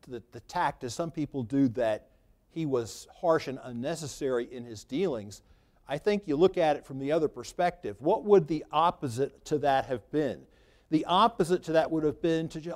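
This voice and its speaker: A man's voice: a little high, big pitch swings, moderate pace, a little mellow. A man preaching a sermon in a conversational, free-flowing way, lifting his voice for emphasis.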